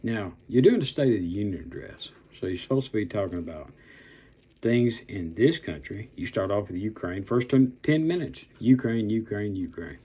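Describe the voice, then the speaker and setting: An older man rants in anger, blunt and full of profanity, drawing out the words he wants to hit hard. His voice is husky and a little rough, with a dark, mellow tone and no sparkle to it. It has the feel of a heated monologue to camera. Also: fairly low pitch, animated. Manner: blunt, profane and threatening, with drawn-out emphatic words. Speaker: political commentator. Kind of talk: angry political rant.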